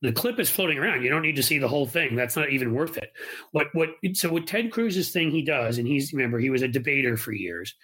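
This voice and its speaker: A podcast co-host chats animatedly about politics in a casual way, mocking people with put-on voices. His voice is medium-pitched, fast, bright, husky, and forceful.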